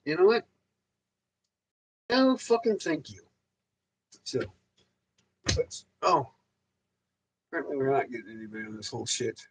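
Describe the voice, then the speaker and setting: A man's voice: medium pitch, very animated, a little slow, pauses often, a little hiss or hum, poor audio. A man hosting a casual livestream, ranting loosely and rambling, with heavy swearing and frequent repeats. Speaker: livestream host.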